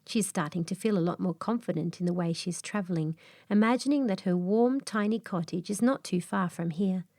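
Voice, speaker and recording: A woman narrating a calm bedtime fairy tale in a soft, slow, soothing way, sometimes dropping to a whisper. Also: on the low side, no room sound, studio quality. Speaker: storyteller.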